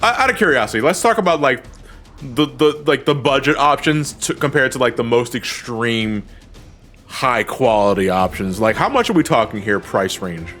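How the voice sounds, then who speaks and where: A man's voice: medium pitch, animated, moderate pace, a bit bright, faint music behind. A man hosting a casual late-night stream chat, swearing freely and asking curious questions. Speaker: stream host.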